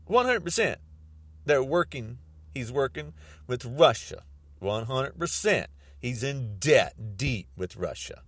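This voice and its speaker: A man's voice: medium pitch, big pitch swings, slow pace, a bit bright, dry recording. A man podcasting a ranting political monologue, mocking and repeating himself.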